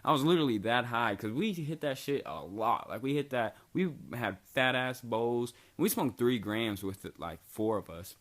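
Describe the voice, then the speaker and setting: This is a young man with a voice of ordinary pitch, telling a story to camera. He talks in a loose, rambling way, full of fillers and swearing. He sounds animated as he tells it. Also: moderate pace, few pauses. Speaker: vlogger. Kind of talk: casual storytelling.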